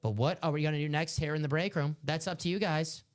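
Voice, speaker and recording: A man's voice: on the high side, fairly even intonation, fast talker. A man hosting a live stream, rambling through casual sports chat. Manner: chatty, rambling sports talk.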